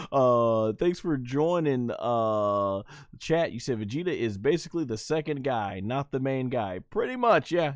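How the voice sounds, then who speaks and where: A man's voice: medium pitch, no room sound. A young man chatting casually on a live-stream review, with lots of fillers and giggles. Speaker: anime reviewer.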